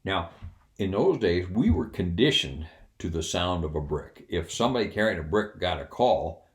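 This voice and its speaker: An older man spins his old service stories in a low-pitched voice that swings widely up and down. His delivery is folksy and animated, with a wry humor running through it. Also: moderate pace. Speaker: retired Air Force officer telling stories. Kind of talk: casual personal anecdote.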